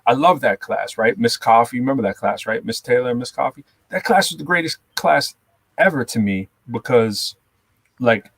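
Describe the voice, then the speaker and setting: A man's voice: mid-range voice, moderate pace, vocal fry, breathy edge, dry recording. A man with a Massachusetts accent, co-hosting a casual chat and telling stories with acted-out voices. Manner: animated storyteller, acts out quotes. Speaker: podcast co-host, rapper and educator.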